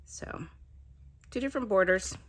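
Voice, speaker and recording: A woman's voice: mid-range voice, normal speed, a bit bright. A woman giving a casual craft tutorial, chatting and explaining each step as she works. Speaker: craft demonstrator.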